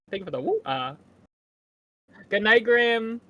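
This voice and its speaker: A guest co-streamer chatting casually on a voice call, excitable, laughing easily and sometimes yelling. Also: mid-range voice, dull audio. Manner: excitable, quick to laugh and yell.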